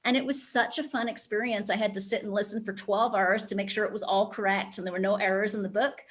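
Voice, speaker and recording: A woman's voice: mid-range voice, fairly even intonation, fast. A woman with a Scottish accent, an author reading from her novel and then chatting enthusiastically in an interview. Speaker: author guest.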